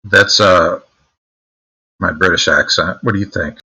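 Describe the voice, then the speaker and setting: A man's voice: low voice, fairly even intonation, a little slow, sharp tone, breathy edge, poor audio. A man streaming live, chatting casually with his viewers in a crude, joking, mocking way.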